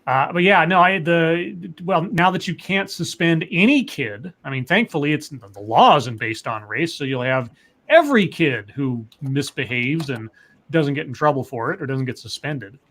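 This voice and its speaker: A man's voice: a little high, animated, moderate pace, a bit bright. Musing man hosting a podcast. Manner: musing, questioning, many restarts. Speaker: podcast host. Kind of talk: casual chat.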